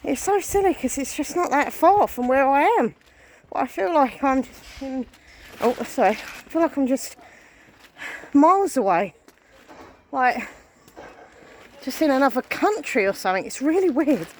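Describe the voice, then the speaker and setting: A woman in her thirties vlogs casually while walking down a residential street outdoors, breathless and anxious. Her voice is high and sing-song, moving at a moderate pace with long pauses and a slightly mellow quality. She's chatty and self-deprecating and sighs often, with a faint hiss or hum in the audio.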